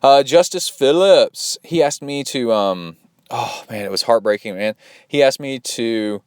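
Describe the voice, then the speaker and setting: A man's voice: medium pitch, a little slow, smooth, no echo, clean studio sound. A man hosting a podcast as a triathlon coach, talking in a rambling, chatty way with plenty of fillers and asides. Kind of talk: casual solo podcast talk.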